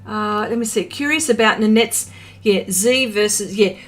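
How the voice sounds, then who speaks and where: A woman's voice: mid-range voice, normal speed, faint music behind. An Australian woman hosting a live art stream, chatting casually and reading out viewer comments, with many fillers and small laughs.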